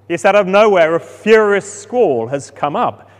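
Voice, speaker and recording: A man preaching a sermon, his fairly high voice swinging up and down with lively feeling. The sound carries the long reverb of a large hall. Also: moderate pace, few pauses. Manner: expressive, rising for drama and dropping soft for calm.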